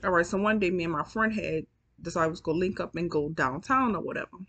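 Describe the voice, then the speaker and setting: A woman's voice: on the low side, quick pace, fairly bright tone. Woman doing a storytime vlog, yawny and tired, swearing casually and chatting to y'all. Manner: chatty, profane, addresses viewers as y'all. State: yawning, sleepy. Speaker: storytime vlogger.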